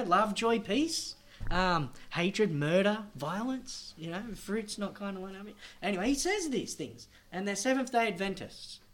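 A man preaching a sermon as a missionary, telling a story and swinging between loud emphatic lines and hushed ones. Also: high-pitched.

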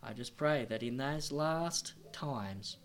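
A man preaching a sermon as a missionary, telling a story and swinging between loud emphatic lines and hushed ones. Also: medium pitch, lively intonation, takes it slowly.

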